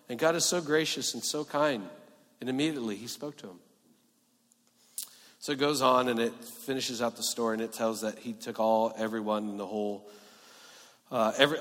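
Earnest preacher in an echoey hall. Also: male voice, mid-range voice, fairly quick. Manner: earnest, swings from emphatic to hushed. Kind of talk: sermon.

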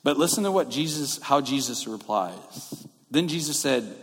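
A man's voice: mid-range voice, lively intonation, moderate pace, slightly rough. Man preaching in a reverberant hall. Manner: conversational, explaining scripture verse by verse. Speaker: pastor. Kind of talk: sermon. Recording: long reverb of a large hall.

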